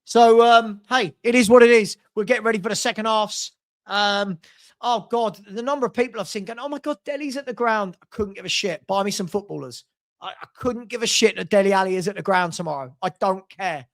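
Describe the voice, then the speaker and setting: Brisk and high-voiced, this middle-aged South Londoner with a London accent hosts a casual football live stream, reading out scores and messages from viewers.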